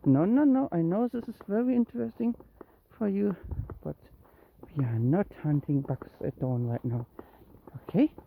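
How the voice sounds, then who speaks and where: A cat owner filming a kitten walk on a handheld phone outdoors at dusk, coaxing the kitten with calls and high meows. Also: moderate pace, creaky, pauses often, a little hiss or hum. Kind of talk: casual narration while walking. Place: outdoors in woods and grass at dusk. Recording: tinny phone-like sound.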